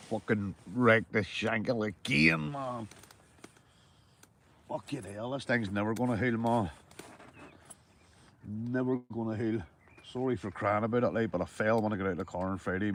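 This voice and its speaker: This Northern Irish man, fishing outdoors by the water, keeps up a casual live chat with his viewers, calling them mate and cursing without restraint. He speaks in a lowish, slightly bright voice.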